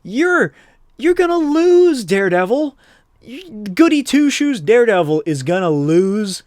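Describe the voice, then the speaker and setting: A man voicing a gang of comic villains who taunt a fallen hero with high, mocking jeers. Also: big pitch swings, measured pace, a little mellow, no room sound, clean studio sound.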